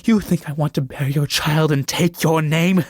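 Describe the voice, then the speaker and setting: A man's voice: a little high, steady tone, normal speed, no echo, clean studio sound, lightly acted. A man reading the part of a proud, desperate young noblewoman in a solo reading of a stage play, swinging from pleading to furious shrieks.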